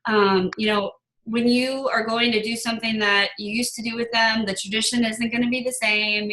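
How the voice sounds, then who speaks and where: Bright, animated woman in an echoey room. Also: fairly high pitch, a little hiss or hum. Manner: open, animated storytelling with laughs. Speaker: guest. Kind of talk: casual interview chat. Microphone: video call.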